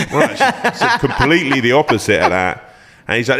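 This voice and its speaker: A comedian and actor chatting as a podcast guest, telling stories animatedly and swearing freely. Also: male voice, mid-range voice, wildly swooping pitch, fast talker, sharp tone. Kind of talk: casual podcast chat.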